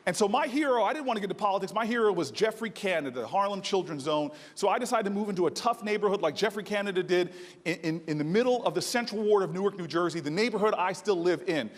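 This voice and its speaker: An American man in his forties delivers an impassioned speech into a podium mic, his voice sitting very high. He tells stories with a preacher's cadence that swell into oratory. Long reverb from the conference hall trails each phrase. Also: expressive, fast. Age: 40s. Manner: preacherly storytelling with rising oratory. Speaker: senator giving a speech.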